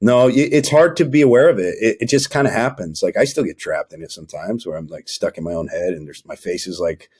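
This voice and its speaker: A man's voice: low-pitched, expressive, fast, hardly any pauses, darkish tone, breathy edge. A young man coaching fathers as a podcast guest, talking emphatically and preachily. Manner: emphatic, preachy, acts out scenes. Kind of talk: motivational interview talk.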